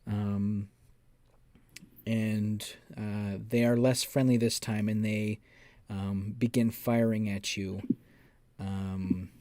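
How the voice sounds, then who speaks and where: Slow, measured male game master. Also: on the low side, little pitch movement, warm tone, no room sound. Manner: measured, describes scenes in second person. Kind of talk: narrating a tabletop role-playing game.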